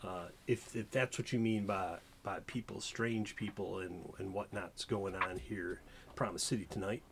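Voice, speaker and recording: A man voicing a calm, businesslike woman who runs a saloon, with a put-on British accent. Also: on the low side, normal speed, vocal fry, noisy background, pitched below the performer's own voice. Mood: chatty.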